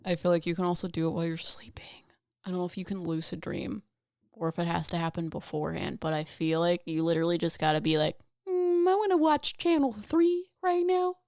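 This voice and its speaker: A woman's voice: low voice, flat delivery, fast, creaky, darkish tone, dry recording, clean studio sound. A woman co-hosting a podcast, chatting casually in a playful, teasing way and cracking jokes. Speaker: podcast co-host. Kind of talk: casual chat.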